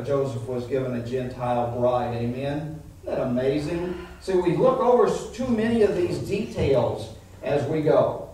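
A male pastor preaching an animated sermon to a congregation, asking "amen?" as he goes. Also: medium pitch, a little hiss or hum. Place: church sanctuary. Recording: echoey church hall, mic from far off.

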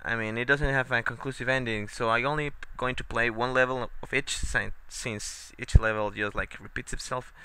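A man commenting on his own gameplay in a rambling way, full of hesitant fillers and loud cursing at the game. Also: mid-range voice, steady tone, moderate pace, hardly any pauses, clean tone. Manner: rambling, swearing, yelling at the game. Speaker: let's play gamer. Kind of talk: profane let's play commentary.

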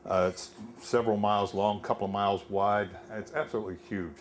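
A man's voice: lowish voice, fairly even intonation, a little fast, slight background noise. An older man telling a wry personal story live on stage, conversational with many fillers.

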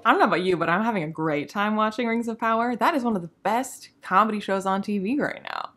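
A woman hosting a comedic review vlog, talking with dry, sarcastic, deadpan humor. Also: mid-range voice, fast, faint music behind. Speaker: video host reviewing a show.

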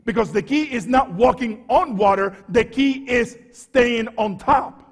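Pastor guy preaching hard, high voice, big hall echo, goes quiet then yells. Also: unhurried, slightly rough. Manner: fervent preaching, swings from quiet to shouting; stammers and repeats words. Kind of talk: sermon.

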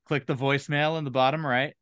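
A man's voice: mid-range voice, steady tone, quick pace, a bit bright, clear, resonant tone, no echo, clean studio sound. A man as a comedian guest on a casual podcast, jokey and giving step-by-step instructions with mock confidence.

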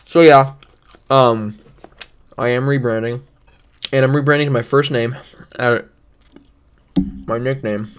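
A young man talks straight into his camera from his bedroom, wandering from one thought to the next. His delivery is deadpan and sarcastic, with steady profanity. His voice sits at an ordinary middle pitch. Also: unhurried, long pauses, clear, resonant tone. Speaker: vlogger. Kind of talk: casual vlog chat. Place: home bedroom.

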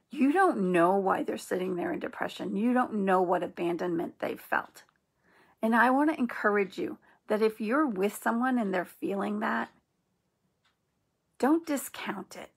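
A middle-aged woman with a gravelly, husky voice gives earnest spiritual encouragement. She talks gently and reassuringly, in an even middle pitch. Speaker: host of an inspirational channel.

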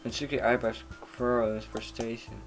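A man's voice: mid-range voice, level tone, normal speed, faint music behind, close to an everyday voice. A man reading a nervous, self-doubting teenage boy's narration aloud in a plain, subdued voice. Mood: uneasy.

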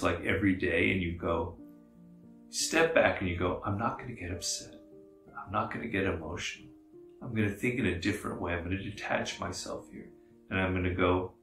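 A man who writes on strategy, talking through his ideas in a measured, explanatory monologue and repeating phrases for emphasis. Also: low voice, a bit bright. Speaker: author speaking on strategy. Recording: roomy echo, faint guitar music behind.

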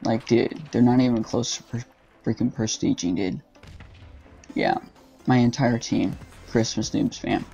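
Young man ranting over gameplay, gravelly. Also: mid-range voice, unhurried, dark tone, muffled recording. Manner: frustrated, swearing, ranting at teammates. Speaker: gaming channel host. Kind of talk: casual gameplay commentary. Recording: game music and gunfire behind.

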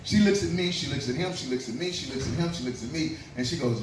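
Profane comedian from Kentucky, echoey club. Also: male voice, medium pitch, a little fast. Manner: loose, profane storytelling with punchlines. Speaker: stand-up comedian. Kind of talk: stand-up comedy set. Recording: very echoey club from far off, noisy. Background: club crowd laughing.

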